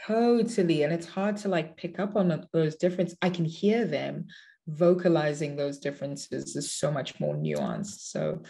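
A woman's voice: low voice, gravelly, mellow. A woman with a South African accent, a guest in a casual interview, telling stories in an earnest, reflective way. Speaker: actress guest.

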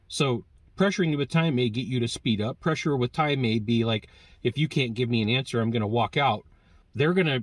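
A man teaching sales negotiation in a lively, conversational way, acting out bits of dialogue with customers. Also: mid-range voice, husky, dry recording. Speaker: sales trainer. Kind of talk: direct-to-camera sales coaching.

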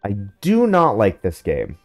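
A man's voice: fairly low pitch, wildly swooping pitch, a little slow, faint music behind. A young man casually commenting on a video game, reading its text aloud and bluntly complaining about it. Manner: reads in-game text aloud with offhand jokes; blunt, grumbling critique. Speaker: gameplay commentator.

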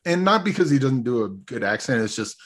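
A man's voice: mid-range voice, sing-song, a little fast, fairly bright tone. A man co-hosting a podcast, rambling in a laid-back way through his movie opinions and swearing casually. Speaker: podcast co-host. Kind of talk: casual movie review chat.

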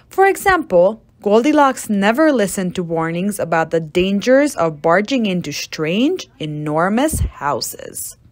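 A woman reads a children's storybook aloud, taking her time over each phrase. Her pitch rises and falls in wide, playful swings. She drops dry, deadpan asides into the tale. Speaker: storybook reader.

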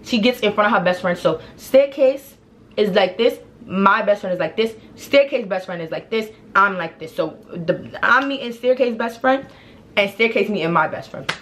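A young woman telling a story in a casual, slangy, animated way, acting out what people said. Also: mid-range voice, moderate pace, slight background noise. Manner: animated, slangy, acts out the quotes. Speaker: vlogger.

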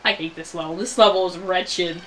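A man's voice: high voice, steady tone, normal speed, a bit bright, slight background noise. A man giving casual let's-play commentary, rambling and ranting about the game as he plays. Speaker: gameplay commentator.

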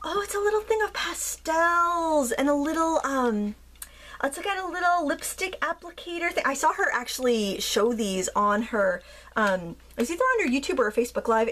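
A woman in her thirties unboxing and demonstrating art supplies, gushing and gasping with excitement, full of fillers. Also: a little high, slight background noise. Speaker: craft YouTuber.

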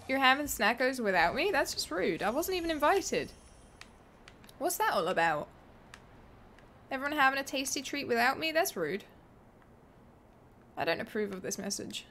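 With a little hiss or hum in the audio, a woman speaks in a high, sing-song, slightly bright voice at a moderate pace with long pauses while streaming a game. Her accent mixes British and American as she playfully chats with viewers, occasionally cursing, in casual commentary on her play.

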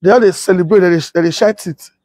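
Husky high-voiced Nigerian man in Pidgin. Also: fast, dry recording. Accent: Nigerian Pidgin English. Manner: animated, repeats himself, talks straight to viewers. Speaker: political commentator. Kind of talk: casual storytelling in Pidgin.

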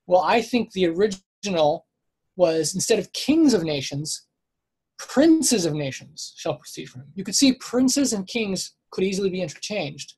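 A man giving a casual, unscripted scripture lesson, thinking aloud, stopping to correct himself and filling pauses with "um" and "like". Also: sits high, expressive, a little mellow, breathy edge, poor audio. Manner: hesitant, self-correcting, thinks aloud with many fillers. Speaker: Bible study teacher.

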